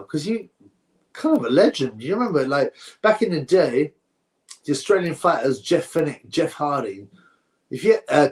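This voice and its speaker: On a boxing livestream, a male host rambles through viewer comments and offers blunt opinions in casual chat. His voice sits on the high side with a darkish tone, picked up by a streaming setup mic.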